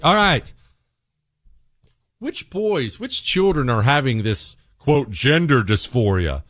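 Brash, animated male radio host. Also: slow pace, pauses often, no echo, clean studio sound. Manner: brash, mocking, swings pitch wildly for effect. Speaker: radio talk show host. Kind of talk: opinionated call-in radio talk.

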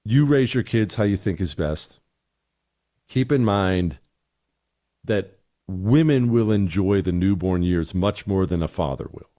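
A man's voice: sits low, animated, measured pace, dark tone. Blunt exasperated man ranting on air. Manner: blunt, exasperated, mocking voices in quotes. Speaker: talk show host. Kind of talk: opinionated political talk and listener emails.

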